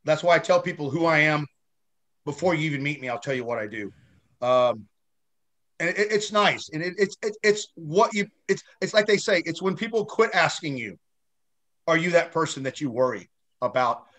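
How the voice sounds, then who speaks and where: A man's voice: fairly high pitch, animated, moderate pace, a bit bright. A man being interviewed as an actor guest, still shaken after a head injury, talking in a rambling way with many restarts and casual swearing.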